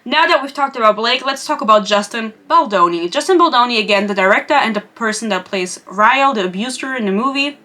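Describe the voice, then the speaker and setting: A woman's voice: on the high side, quick pace, few pauses, bright, forceful tone. A young woman from Europe hosting a podcast, chatting in a gossipy, rambling way full of asides. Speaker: podcast host. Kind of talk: casual chat.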